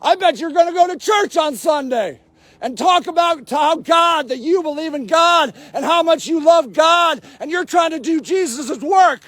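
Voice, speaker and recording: Very high-voiced man shouting in anger. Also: moderate pace, no echo. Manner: shouting, angry and sarcastic. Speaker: activist filming a camp sweep. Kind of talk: livestreamed street confrontation. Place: outdoor homeless camp in snow.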